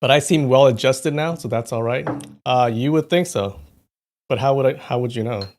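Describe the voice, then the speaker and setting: At a desk mic at home, a young man hosts a live stream, chatting casually with viewers and telling rambling stories while often clearing his throat. His voice is medium-pitched and a little mellow, at normal speed.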